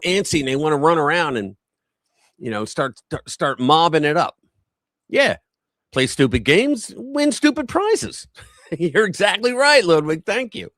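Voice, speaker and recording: A man's voice: sits high, a bit bright, no room sound, studio quality. A man hosting a live news commentary stream, talking in a blunt, heated, profane way.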